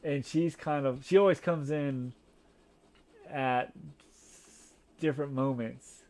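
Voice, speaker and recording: A man's voice: mid-range voice, fairly even intonation, slow pace, darkish tone. A man co-hosting a casual movie review podcast, rambling with many fillers and restarts. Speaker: podcast co-host.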